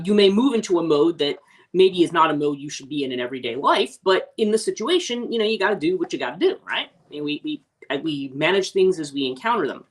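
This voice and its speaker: A woman's voice: low voice, recorded from a distance. A woman life coach talking through ideas in a casual livestream, reflective and full of restarts. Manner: reflective, rambling with many restarts.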